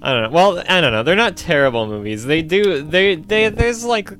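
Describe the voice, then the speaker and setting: A man's voice: on the high side, expressive, moderate pace, a bit bright. A man chatting casually about movies, rambling with many filler words. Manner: rambling, heavy use of "like" fillers. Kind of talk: casual chat.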